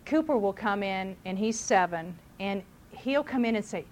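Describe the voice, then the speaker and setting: A woman's voice: mid-range voice, lively intonation, moderate pace, hardly any pauses, darkish tone, slight background noise. A middle-aged mother giving casual parenting advice, chatty, who acts out what people say. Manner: chatty, acts out voices in quotes.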